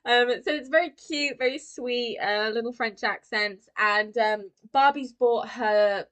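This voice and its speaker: A young woman co-hosting a film podcast in casual chat, bubbly and quick to laugh, often acting out lines. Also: a little high, a bit bright. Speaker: podcast co-host.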